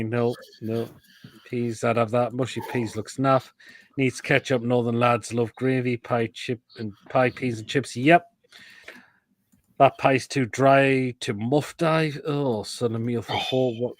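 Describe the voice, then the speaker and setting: A man's voice: medium pitch, fairly even intonation, unhurried. A man hosting a casual live stream, reading out comments and crude jokes about food photos. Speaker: host.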